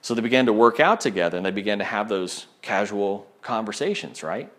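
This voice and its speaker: A man preaching, telling a story in an animated way and acting out the people he quotes. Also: lowish voice, fairly quick. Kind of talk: sermon storytelling.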